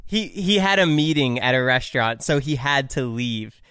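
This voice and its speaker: A man chiming in during a casual chat, excitedly adding details to a shared story. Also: medium pitch, moderate pace, clear, resonant tone, no echo, studio quality. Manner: excited, jumps in to add details.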